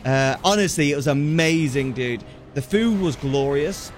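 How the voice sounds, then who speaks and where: Animated man, high voice. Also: a little slow, a little hiss or hum. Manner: animated, laughing, says "dude" often. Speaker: streamer. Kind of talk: casual chat to viewers.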